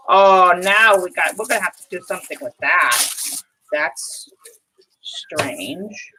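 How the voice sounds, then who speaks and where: Lively, bright-voiced grandmother crafting. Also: on the low side, takes it slowly, slight background noise, rough recording. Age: older. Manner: chatty, muses aloud with hums. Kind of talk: casual crafting chat.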